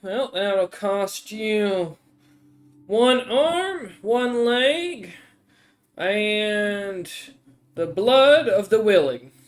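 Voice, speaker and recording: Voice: mid-range voice, animated, extremely slow, pitched above the performer's own voice. A game master voicing a female troll shopkeeper who haggles with a wry, businesslike patter. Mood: bargaining. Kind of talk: voicing a character in a tabletop game.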